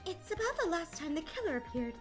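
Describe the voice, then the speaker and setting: A woman reading game dialogue aloud as a timid, anxious young girl who speaks haltingly and apologizes. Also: extremely high pitch, very animated, music in the background, pitched above the performer's own voice. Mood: nervous.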